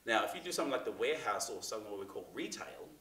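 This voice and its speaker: A man's voice: on the low side, very animated, very fast, fairly bright tone. A man giving a casual, chatty talk to a class, full of fillers and restarts. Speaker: seminar presenter. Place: theatre room. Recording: echoey room, mic from far off.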